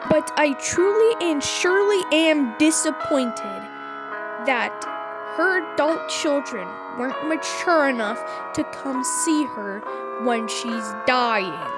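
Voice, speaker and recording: A young woman talking earnestly in a personal vlog, heated in places and softening toward the end. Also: a little high. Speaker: vlogger.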